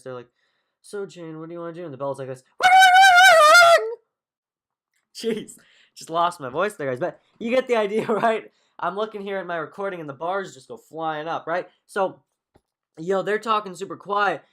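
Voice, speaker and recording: A man with a bright, forward voice of middle pitch talks through a casual podcast review. He rambles, restarts and drops in "um" and "like," joking along the way as he picks apart what he watched. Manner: rambling, filler-heavy, loose and joking. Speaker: podcast host.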